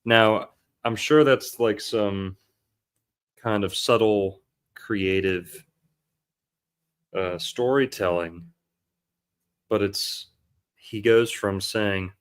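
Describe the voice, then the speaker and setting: A man with a fairly low voice hosts a casual podcast, picking a film apart. He rambles, swears freely and drops into the lines he quotes. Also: very slow, long pauses, smooth. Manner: rambling, loose and profane, acts out quotes. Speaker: podcast host. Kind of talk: casual film-analysis chat.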